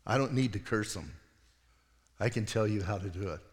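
A man voicing a greedy, scheming male false prophet in a low, sly, matter-of-fact tone. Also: normal speed, in a large hall, lightly acted.

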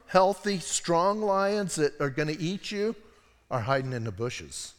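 Male pastor, slightly higher voice, casual digressive sermon, long hall reverb. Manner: conversational, digressive, animated asides. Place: church sanctuary.

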